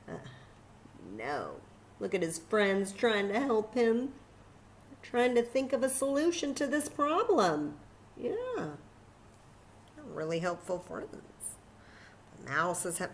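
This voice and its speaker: Librarian lady reading to kids, slow and lively, lowish voice. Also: slight background noise. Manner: animated, enthusiastic, talks to children. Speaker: children's librarian. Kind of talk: children's story time reading.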